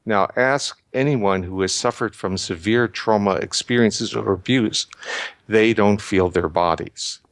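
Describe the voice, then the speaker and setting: An older man giving measured, lecturing explanations as an interview guest, often restarting his sentences. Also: on the low side, no room sound. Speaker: guest researcher.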